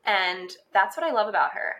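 Female podcast co-host with a bright, forceful voice, in relaxed recap chat. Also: mid-range voice, a little fast. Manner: relaxed, amused, reads from her notes.

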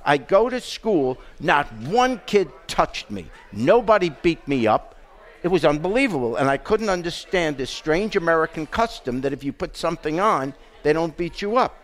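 A man's voice: a little high, very animated, normal speed. An older man from England, hosting a podcast and telling a story in casual chat, with dry jokes. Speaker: podcast host.

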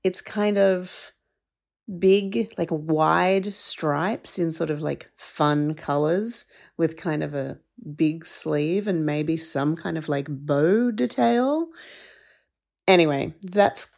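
Chatty woman with a gravelly low voice. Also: takes it slowly, a little mellow. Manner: chatty, rambling, breezy. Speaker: podcast co-host. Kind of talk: casual voice memo chat. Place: walking around a city, sending voice memos.

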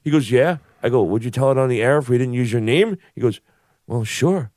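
A man's voice: mid-range voice, lively intonation, fairly quick, a little mellow, no echo, studio quality. A man telling a long story in casual chat, swearing freely and acting out the voices of the people in it.

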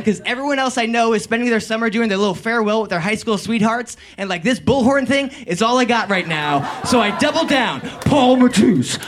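A young man with a slightly high voice tells a comic story from his own life. He is animated and swears freely, laughing and bursting into shouts as he goes. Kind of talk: live comedic storytelling.

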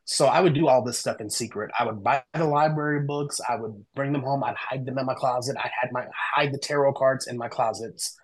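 A man talks as a podcast guest, recounting his path with animated storytelling. He slips into the voices of friends as he quotes them. His voice sits in an ordinary middle range, and the recording is close and dry. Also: medium pitch, quick pace, husky, no room sound, poor audio. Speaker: guest, human design reader and author.

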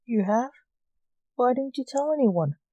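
A woman reading aloud gives voice to a curious, nervous young male wizard from a storybook. The voice is mellow and unhurried, asking questions with a slight lift, close to the mic with no room sound. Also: on the high side, expressive, dry recording, voice pushed up.

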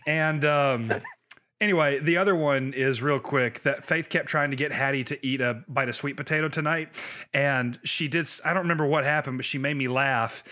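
A man's voice: medium pitch, moderate pace, sharp tone. A man in his thirties, a podcast co-host, telling stories in casual chat and laughing often. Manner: storytelling, laughs often, acts out voices.

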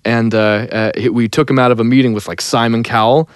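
A young man, a songwriter and singer, telling a story in a casual interview, lively and animated, dropping into sung snippets. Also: mid-range voice, a little fast, smooth, no echo, clean studio sound. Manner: animated, breaks into sung snippets and acted quotes.

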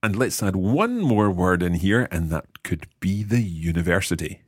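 Male language teacher, low voice, lively intonation, close dry mic. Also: slightly rough, no room sound. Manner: patient, encouraging, slows down to repeat phrases. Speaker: language course host. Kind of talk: teaching Italian phrases.

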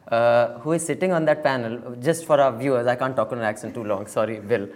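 A man's voice: mid-range voice, fairly even intonation, a little fast, hardly any pauses. A man from India hosting a podcast panel chat, talking loosely with wry asides. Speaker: podcast host.

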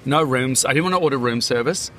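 A man's voice: mid-range voice, fast talker, fairly bright tone, slight background noise. A man, a comedian and podcast guest, telling vivid, theatrical food stories in casual chat.

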